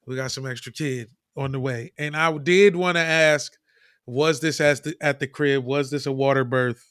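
A man telling a story in casual chat, animated, swearing and mimicking people. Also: medium pitch, normal speed, clean tone, no echo, clean studio sound.

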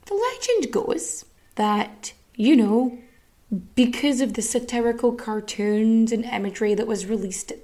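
Woman host, casual history talk, rambly, swears, fillers galore, highish voice. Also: lively intonation, measured pace, warm tone. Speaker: podcast host.

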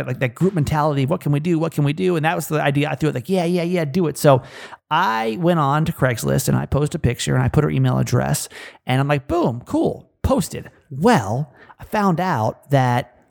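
A man's voice: on the high side, creaky. A man casually telling a long personal story, rambling with many fillers and restarts.

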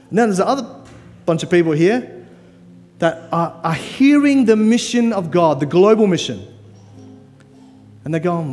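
Animated preacher man in an echoing hall. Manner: animated, emphatic and casual, climbing to high stressed words. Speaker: guest preacher. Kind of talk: sermon. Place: church hall. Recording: long church-hall reverb, faint music.

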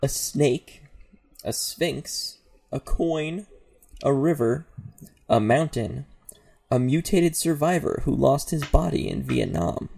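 Slow, gravelly man with a swooping voice. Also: on the high side, darkish tone. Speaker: game master. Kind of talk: podcast tabletop narration.

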